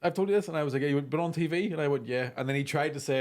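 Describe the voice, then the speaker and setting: A man in casual podcast banter, his voice sitting a little high for a man. He tells stories in an animated way and swears freely, the way a stand-up comedian riffs with a friend. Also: rapid-fire.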